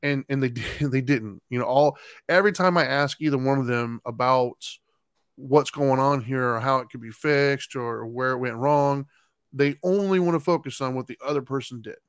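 A man's voice: mid-range voice, moderate pace, clear, resonant tone, dry recording. A middle-aged man telling a story in a casual chat, laughing as he goes and acting out other people's lines. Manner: animated, laughs while telling, acts out his kids' lines. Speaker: podcast co-host.

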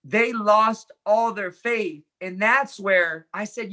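Earnest man with a bright voice. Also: high-pitched, slow. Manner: earnest, animated retelling with quoted dialogue. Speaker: interview guest. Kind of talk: personal storytelling in conversation.

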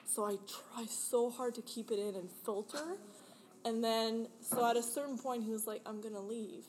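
A woman's voice: on the high side, moderate pace, darkish tone, a little hiss or hum. A woman in her late twenties, a podcast guest, telling a candid personal story in an emotional, rambling way with frequent laughter. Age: 20s.

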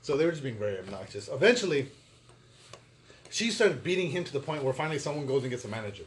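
A man on a casual podcast, telling a story with lively acted-out quotes and frequent laughter. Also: medium pitch, quick pace, a little hiss or hum. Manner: animated storyteller, acts out quotes, laughs often. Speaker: podcast co-host.

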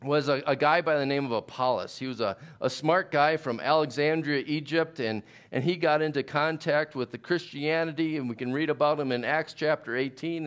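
A man preaching a sermon in a conversational, halting way, with many fillers and restarts. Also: on the high side, a bit bright. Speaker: pastor.

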